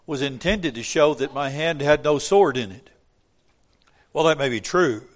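An older man preaching a sermon in an earnest way, going from quiet, tender lines to loud, emphatic ones. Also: on the high side. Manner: earnest, swings from soft to emphatic when quoting scripture.

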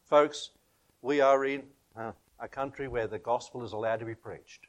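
A man's voice: medium pitch, normal speed. A man preaching a sermon, chuckling often and rising and falling for emphasis.

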